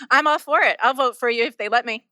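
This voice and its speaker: A woman's voice: on the high side, brisk, sharp tone, no echo. A woman hosting an interview podcast in an upbeat, playful manner, on stage at a bar. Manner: upbeat, playful, reads sponsor spots. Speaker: podcast host.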